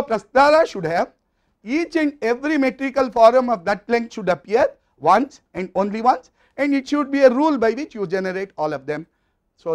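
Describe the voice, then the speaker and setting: Speaking with a high voice and an Indian English accent, a man gives a recorded lecture. He walks through the material step by step at a measured pace, and his phrases tend to trail off softly.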